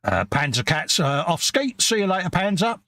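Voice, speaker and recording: Gravelly man, lively chatty host. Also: fairly high pitch, normal speed. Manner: chatty, reads out viewer comments and greets them. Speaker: co-host of a live modelling stream. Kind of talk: casual live-stream chat.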